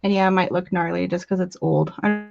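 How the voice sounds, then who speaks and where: A woman hosting a casual crafting livestream, chatting in a bubbly way with quick gushing asides while she demonstrates. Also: on the low side, level tone, vocal fry, a little mellow, muffled recording, faint music behind. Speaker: crafting channel host. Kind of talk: casual live-stream chat with demos.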